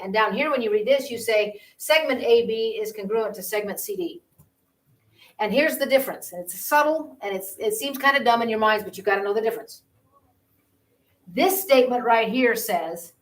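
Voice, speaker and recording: A woman teacher lectures her math class in a loose, conversational way, circling back and repeating her points. Her voice sits at an ordinary pitch. She is picked up from across a roomy, echoing classroom. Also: normal speed. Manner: conversational, repeats herself while explaining. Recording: roomy classroom audio from a distance.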